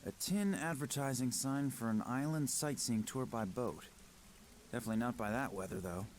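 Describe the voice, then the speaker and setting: A man's voice: mid-range voice, moderate pace, a little mellow, slight background noise, close to an everyday voice. An actor playing a dry, sarcastic young male adventurer in a game. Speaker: game protagonist.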